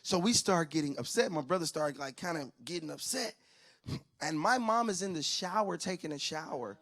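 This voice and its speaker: A man doing stand-up comedy on a church stage, telling family stories and acting out relatives in loud, high voices. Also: moderate pace. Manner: animated storyteller who acts out family members in loud high voices. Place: church stage before a live audience.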